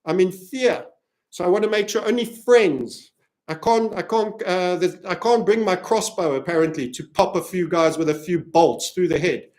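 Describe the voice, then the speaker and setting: High-ish voiced guy from africa rambling through crypto charts, jokey, plugs his stuff. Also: normal speed, a little mellow. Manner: rambling, jokey, self-promoting. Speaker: crypto trading analyst and channel host. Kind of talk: chart analysis video.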